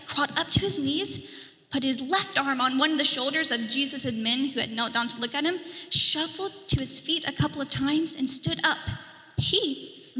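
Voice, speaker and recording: Bright high-voiced woman telling a tale. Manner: animated, dramatic storytelling with whispered asides. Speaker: merchant character in a church drama. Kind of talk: theatrical storytelling monologue. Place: church sanctuary. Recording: reverberant church hall.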